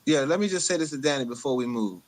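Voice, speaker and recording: A man's voice: medium pitch, expressive, fast, no echo, low-quality recording. A man arguing insistently in a heated online debate, often checking with "right?", speaking into a phone on an audio chat app. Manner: insistent, repeatedly asks "right?". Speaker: Christian debater. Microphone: phone mic on audio chat app.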